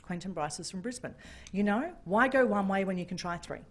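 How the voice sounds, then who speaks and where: Animated woman telling a story. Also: mid-range voice, fairly quick. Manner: animated, acts out phone calls in different voices. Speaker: keynote speaker. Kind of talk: motivational keynote storytelling. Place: function room.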